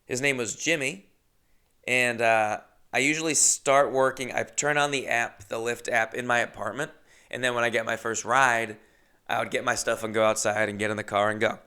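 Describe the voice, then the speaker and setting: Chatty, gravelly comic storyteller guy. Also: medium pitch, normal speed. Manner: animated, chatty, jokey. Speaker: comedian host. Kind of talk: comedic storytelling monologue.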